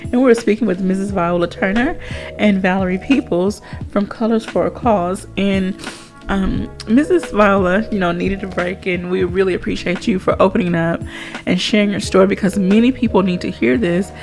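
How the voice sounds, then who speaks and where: A woman co-hosts a community radio show from the studio, speaking in a steady announcing manner. Music plays clearly underneath. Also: mid-range voice, moderate pace. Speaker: radio co-host. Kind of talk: radio talk show hosting.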